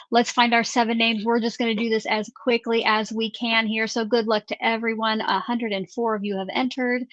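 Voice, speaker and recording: Woman, craft livestream co-host, casual chatty talk, drawn-out winner announcements, dry slightly muffled stream audio. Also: fairly high pitch, fairly bright tone, no room sound. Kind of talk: casual livestream chat and giveaway draw.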